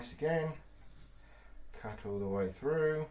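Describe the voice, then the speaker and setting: A man chatting and swearing casually as he cuts meat in his home kitchen. He laughs often and gets loud and then quiet. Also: medium pitch, lively intonation, unhurried, muffled recording. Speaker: vlogger. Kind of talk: casual cooking vlog. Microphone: mic on the kitchen table.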